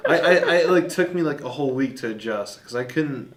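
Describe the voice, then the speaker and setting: A man's voice: medium pitch, lively intonation, a little fast. A man co-hosting a casual chat, eager and stammering as he talks. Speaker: podcast co-host. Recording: roomy echo.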